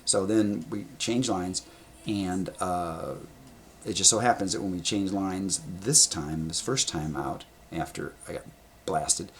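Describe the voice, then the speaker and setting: A man telling stories to his camera at a table indoors, animated and rambling, with blunt sound words and casual swearing. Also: sits low, a little hiss or hum. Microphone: camera in front of him.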